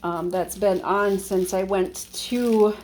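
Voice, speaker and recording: A woman's voice: mid-range voice, steady tone, slow, a little mellow, slight background noise. A woman vlogging casually, rambling with lots of fillers and restarts, using informal slang and mock exasperation. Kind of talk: casual chat.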